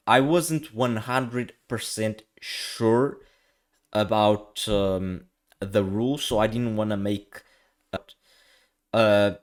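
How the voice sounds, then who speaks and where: A young man casually recapping his own chess tournament game, telling the story in an animated, exasperated way full of slang and acting out what was said. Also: mid-range voice. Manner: animated, exasperated, slangy, acts out quoted lines.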